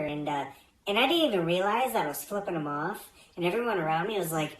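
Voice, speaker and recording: A woman's voice: fairly low pitch, expressive, quick pace, slight background noise, rough recording. A woman telling a casual storytime to her phone, blunt and laid-back and swearing freely. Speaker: storyteller recounting a fitness test.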